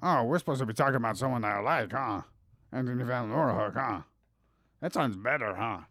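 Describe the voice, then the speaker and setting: A man's voice: medium pitch, fairly quick, fairly bright tone, no room sound, studio quality. A man co-hosting a podcast in casual, crude banter, rambling and joking, a few drinks in. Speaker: podcast co-host.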